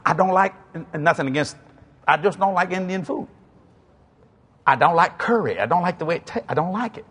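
A man's voice: high-pitched, a little fast, husky. A man in his sixties with a Cajun South Louisiana accent, telling humorous stories in a sermon and acting out both sides of conversations. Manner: animated, acts out both sides of dialogues, chuckling asides. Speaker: preacher.

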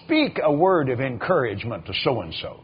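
A man's voice: mid-range voice, moderate pace, slightly rough. An older man preaching a sermon, telling stories with repeated words and acted-out quotes. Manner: animated storytelling, acts out quoted voices, repeats words. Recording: dull lo-fi recording.

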